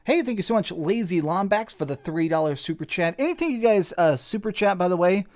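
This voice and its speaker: Male streamer, young adult, joking and self-deprecating, slightly raised pitch. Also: expressive, a little fast, darkish tone. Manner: joking, self-mocking, rambling. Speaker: streamer reading super chats. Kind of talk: casual live stream chat. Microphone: desk mic with face cam.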